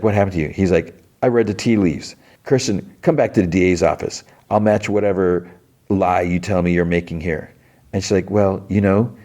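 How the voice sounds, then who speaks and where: Man, podcast host, low voice, casual recap, lots of fillers. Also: darkish tone. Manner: retells scenes in quick quoted bits, with filler words and restarts.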